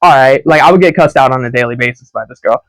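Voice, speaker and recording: A man's voice: mid-range voice, fast, no echo, poor audio. A young man co-hosting a podcast, telling a story in casual chat and acting out the voices of the people in it. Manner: animated storyteller who acts out quoted voices. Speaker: podcast co-host.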